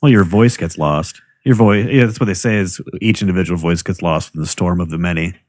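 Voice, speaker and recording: A man co-hosting a podcast in casual chat, talking in a thoughtful, measured way. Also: low voice, darkish tone, dry recording. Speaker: podcast co-host.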